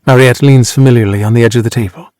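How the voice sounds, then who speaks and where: A man narrating a literary novel in a measured, even reading voice. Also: mid-range voice, no echo, studio quality. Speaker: audiobook narrator.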